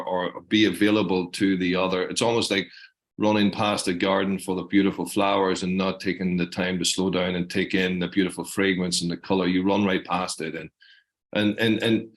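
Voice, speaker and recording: Deep-voiced man, searching interview questions. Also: level tone, normal speed. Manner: appreciative, repeats words while finding the question. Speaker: clinician interviewer.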